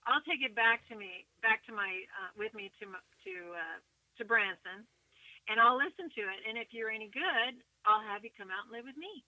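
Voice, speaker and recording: A woman's voice: on the high side, expressive, normal speed, bright, forceful tone, dry recording, poor audio. A woman voicing a haughty lady with a beehive hairdo who talks down to her. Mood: offhand. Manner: arrogant, dismissive.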